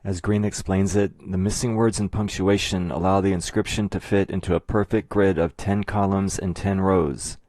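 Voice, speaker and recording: Male narrator for an explainer: deep voice, dry close-mic sound, measured and methodical. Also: fairly even intonation, darkish tone, no echo. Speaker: video essayist.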